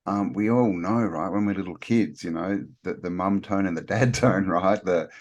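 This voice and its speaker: Male co-host, low voice, thoughtful and loosely rambling in casual talk. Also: normal speed. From Australia. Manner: rambling, thoughtful, many fillers. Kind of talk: casual conversation.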